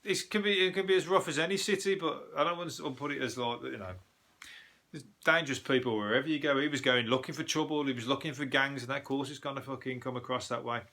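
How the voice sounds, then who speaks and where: Speaking fast in a bright, forceful, mid-range voice, a Brummie comedian from Birmingham, England hosts a show. He rambles through the news in a sweary monologue, cracking himself up at his own jokes.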